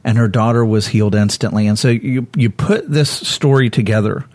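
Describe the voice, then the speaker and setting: A man teaching a Bible passage in a conversational sermon. He is candid, corrects himself as he goes, and acts out the people in the story with sudden jumps in pitch. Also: normal speed, darkish tone, no room sound. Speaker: preacher.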